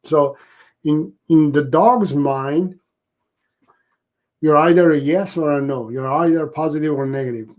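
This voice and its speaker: A male dog trainer on a live stream explains things carefully, restarting frequently, at an unhurried pace. His voice is slightly higher and a little mellow, and the audio is poor.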